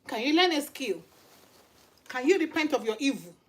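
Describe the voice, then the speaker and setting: High-pitched Nigerian woman preaching with energy. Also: moderate pace. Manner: emphatic and animated, with repeated rhetorical questions. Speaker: channel host and lay preacher. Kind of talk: informal preaching to camera.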